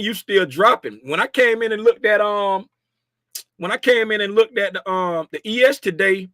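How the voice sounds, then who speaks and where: A man hosting a casual livestream about market futures, talking loudly and playfully, joking with viewers and slipping into sing-song bits, with a desk mic about a foot away. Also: high voice, a little slow, dry recording, clean studio sound. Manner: playful, chatty, jokes with viewers. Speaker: host reviewing market futures.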